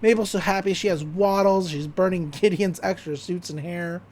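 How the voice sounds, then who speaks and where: A woman hosting a podcast, casually recapping a cartoon episode with quick bits of character voices. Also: on the low side, slight background noise. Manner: animated retelling with quick character voices and laughs. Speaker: podcast host.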